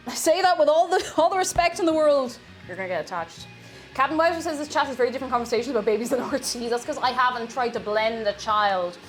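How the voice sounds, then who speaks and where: High-voiced chatty Irish woman. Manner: chatty, rambling with asides and self-corrections. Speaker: streamer baking live. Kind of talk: casual chat reading out viewer messages. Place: home kitchen.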